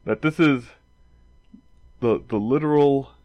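A man's voice: mid-range voice, takes it slowly, darkish tone, dry recording. A man in casual chat, arguing his point with stumbling restarts.

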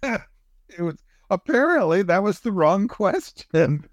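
A middle-aged man co-hosting a casual chat, telling a story in an animated way, chuckling often and jumping up in pitch for emphasis. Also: takes it slowly, no echo, studio quality. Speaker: podcast co-host.

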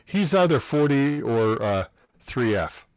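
A man's voice: mid-range voice, sing-song, slow pace, darkish tone, dry recording, clean studio sound. A man in his forties joking around in casual banter as a co-host, slipping into silly voices. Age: 40s.

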